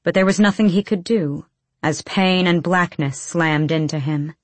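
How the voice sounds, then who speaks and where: A woman narrating a fantasy audiobook in a measured, low-key storytelling manner. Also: no room sound.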